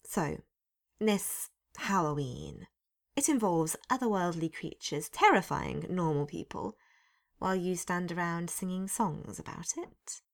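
A woman's voice: fairly low pitch, lively intonation, measured pace, gravelly. A woman voicing a stern, unimpressed young governess who questions in a clipped, demanding way. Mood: grim.

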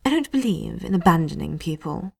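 A woman reading aloud and voicing a proud, stubborn female enchanter who answers crisply and defiantly. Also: lowish voice, lively intonation, brisk, full character voice.

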